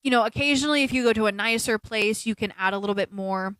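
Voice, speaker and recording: A woman co-hosting a casual podcast, telling stories in an animated way and quoting people as she goes. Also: fairly high pitch, fast talker, smooth, no echo. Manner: animated storytelling, quotes people in put-on voices. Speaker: podcast co-host. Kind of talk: casual chat on a livestreamed podcast.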